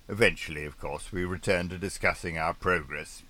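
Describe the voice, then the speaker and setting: Deep, wry male audiobook narrator. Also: brisk, sharp tone. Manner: dry, wry understatement.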